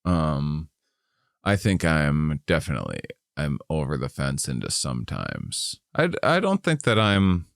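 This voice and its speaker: A man's voice: rumbling low, wildly swooping pitch, unhurried, vocal fry, no room sound, clean studio sound. A middle-aged man co-hosting a casual podcast, rambling and self-deprecating as he reads survey questions aloud. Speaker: podcast co-host.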